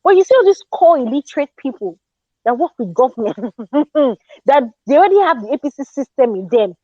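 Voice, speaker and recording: A Nigerian woman telling an indignant story in a casual, animated way, slipping into Pidgin. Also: high-pitched, brisk, dry recording, highs cut off. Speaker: Twitter Space speaker.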